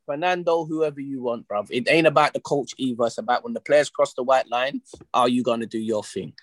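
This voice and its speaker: A man's voice: mid-range voice, fairly quick, no room sound. A man hosting a football podcast, talking in brash, slang-heavy banter. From England. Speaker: podcast host. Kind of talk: casual football podcast chat.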